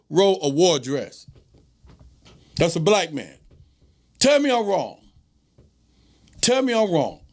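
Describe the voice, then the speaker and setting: Male host, high-pitched with a gritty fry, emphatic commentary monologue that hammers on repeated phrases. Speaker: show host. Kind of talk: direct-to-camera commentary monologue.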